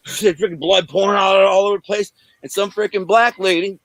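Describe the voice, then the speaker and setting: A man in his forties from Detroit, bluntly telling rough stories in an interview over a video call, rambling with many restarts. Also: high-pitched, fairly even intonation, quick pace, few pauses, fairly bright tone, dry recording, rough recording. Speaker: interview guest. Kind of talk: candid storytelling in an interview.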